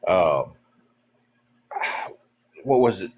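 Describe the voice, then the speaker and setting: Man, low-pitched, rambling casual livestream host. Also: big pitch swings, darkish tone, slight background noise. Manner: rambling, halting, many fillers. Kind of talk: casual storytelling chat.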